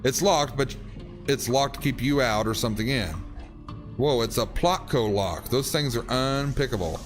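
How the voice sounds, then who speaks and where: A man's voice: medium pitch, normal speed, faint music behind. A man streaming a game, reading its text aloud and adding wry asides.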